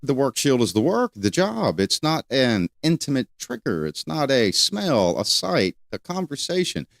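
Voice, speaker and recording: An older man hosting a solo talk show, rambling and repeating questions with many pauses. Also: mid-range voice, very animated, gravelly, no echo, studio quality. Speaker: host.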